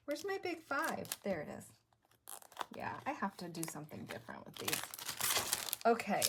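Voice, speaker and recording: A woman sits at her craft table and chats casually, thinking aloud as she works. She drops to a murmur now and then, a little winded, in a middle-pitched voice. There is a faint hiss of noise behind her. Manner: chatty, thinking aloud, murmuring to herself while stamping. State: a bit winded. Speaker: craft video creator.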